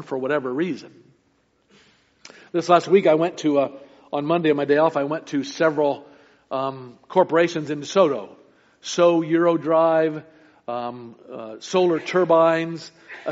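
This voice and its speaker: Guy preaching a sermon, kinda high voice, earnest, restarts a lot, muffled lo-fi sound. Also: long reverb tail. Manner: earnest preaching with sudden emphatic rises; stumbles and restarts between points. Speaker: pastor. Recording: muffled lo-fi recording.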